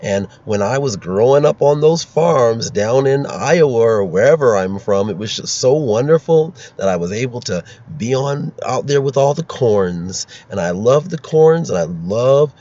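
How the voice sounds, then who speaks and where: A man's voice: mid-range voice, animated, measured pace, hardly any pauses, mellow. A man doing a sarcastic, droning parody of a bland, pandering female politician. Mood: mocking. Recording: dull lo-fi recording.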